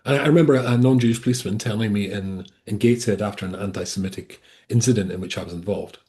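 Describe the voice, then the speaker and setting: A man's voice: on the low side, fast, dark tone, slight background noise. A male rabbi teaching a Torah class over a video call, talking in a digressive way with frequent restarts and asides.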